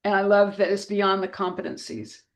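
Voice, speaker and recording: A woman hosting a coaching group on a video call, effusive and quick to laugh. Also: mid-range voice, little pitch movement. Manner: warm, effusive, laughs often.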